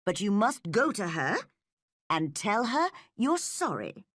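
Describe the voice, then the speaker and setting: A woman voicing a firm but kind middle-aged guardian who speaks calmly in a storybook reading. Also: medium pitch, takes it slowly, dry recording, studio quality, voice pushed up, full character voice. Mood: firm, gentle. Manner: calm and firm.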